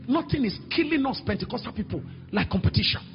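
Nigerian pastor, middle-aged, high gravelly preaching voice, animated storyteller with sudden shouts, echoey hall, dull sound. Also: male voice, quick pace, faint music behind. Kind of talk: sermon with storytelling. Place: large church hall.

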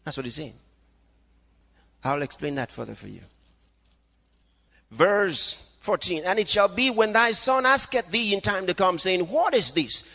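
A man preaching a sermon, reading scripture aloud and swinging between loud calls and hushed asides. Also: high voice, expressive, unhurried, pauses often. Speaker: pastor. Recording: long hall reverb.

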